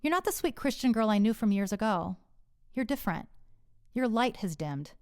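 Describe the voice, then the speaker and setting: A judgmental middle-aged man speaks in an earnest tone, quoted by a woman telling her story. The voice is smooth and rather high. The recording is dry and close. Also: big pitch swings, normal speed, a little mellow, dry recording.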